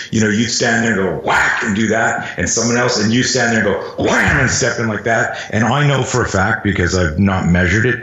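A man's voice: fairly low pitch, fairly bright tone. A middle-aged man, a self-defense instructor, telling stories in casual, profane talk and acting out sounds and quotes. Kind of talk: casual storytelling in conversation. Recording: roomy, dull lo-fi sound.

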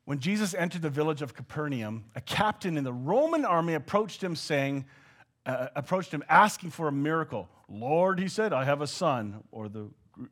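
A man preaching a sermon, moving between hushed asides and loud, acted-out shouts. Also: a little high.

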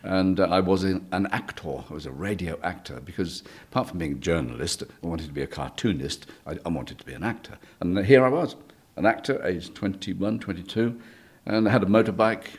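Older man, very deep voice, husky, chatty interview guest, chuckling storyteller. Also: brisk. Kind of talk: reminiscing interview.

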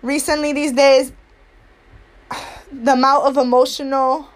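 Young woman, high voice, impassioned monologue, raw and outspoken. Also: level tone, measured pace. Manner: blunt, heated and profane, swinging between anger and weary sorrow.

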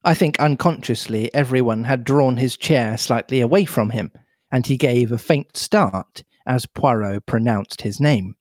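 Male podcast host, slow husky read-aloud, dry close mic. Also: mid-range voice, darkish tone, dry recording. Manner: reads slowly, adding playful asides. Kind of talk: casual chat and book reading.

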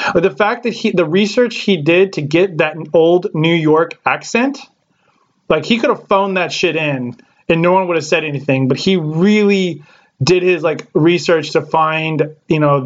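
Podcast host, male, slightly higher voice, loose rambly delivery with fillers and swearing, dull lo-fi audio. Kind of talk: casual podcast chat. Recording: lo-fi dull sound.

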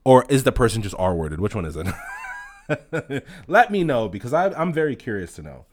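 A man hosting a casual solo podcast, telling profane stories in an animated way and acting out the dialogue. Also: mid-range voice, normal speed, a little hiss or hum. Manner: acts out dialogue in anecdotes. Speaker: podcast host.

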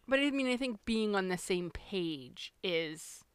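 A woman's voice: mid-range voice, lively intonation, unhurried, clean tone, dry recording. A woman co-hosting a parenting podcast, talking frankly and laughing at herself in casual chat. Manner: frank, self-deprecating, laughs often. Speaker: podcast co-host.

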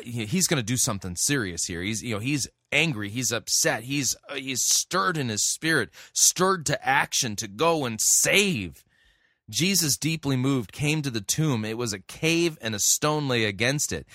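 A man preaching a sermon, reading scripture aloud and then explaining it in an earnest, halting way with many restarts. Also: mid-range voice, pushed and bright, no echo, clean studio sound. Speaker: pastor. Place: church.

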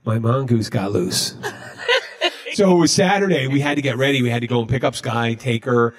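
A man hosting a podcast, telling a story in a casual, deadpan way. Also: medium pitch, fairly quick. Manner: deadpan, recounting jokes he told. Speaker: podcast host.

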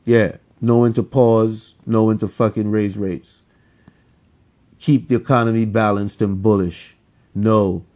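A man hosting a solo podcast, ranting with a lot of swearing and swinging between calm talk and heated outbursts. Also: mid-range voice. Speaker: podcast host.

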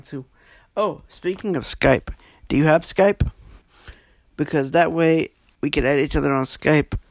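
A man's voice: mid-range voice, creaky, dry recording, clean studio sound. A man leaving a casual, rambling voice message for a podcast host. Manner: rambling, laid-back, filler-heavy.

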